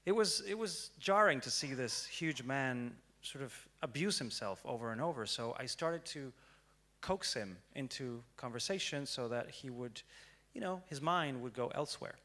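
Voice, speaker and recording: A young man giving a prepared storytelling talk on stage, dramatic and swinging from hushed to loud. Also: mid-range voice, expressive, normal speed. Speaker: speaker. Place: stage before an audience.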